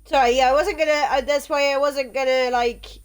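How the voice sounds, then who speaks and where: A woman streaming a video game, chatting casually with viewers in a halting way, tripping over words. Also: high voice, steady tone.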